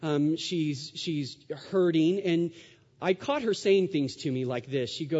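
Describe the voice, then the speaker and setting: Warm-voiced man preaching in a reverberant hall. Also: fairly high pitch, unhurried. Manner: emphatic preaching with rhetorical questions and repetition. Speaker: pastor. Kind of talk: sermon. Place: church sanctuary. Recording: dull sound with long hall reverb.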